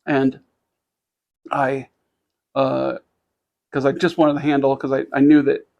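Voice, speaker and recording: Man podcast co-host, gravelly mid voice, rambling casual storyteller. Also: mid-range voice, monotone, unhurried, dull audio. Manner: rambling, many restarts and fillers, laughs while telling stories.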